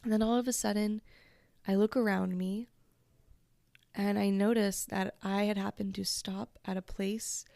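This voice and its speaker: A woman hosting a podcast, telling a personal story in a slow, reflective and emotional way, at times close to tears. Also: mid-range voice, little pitch movement, creaky, mellow, no echo. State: tearful. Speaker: podcast host.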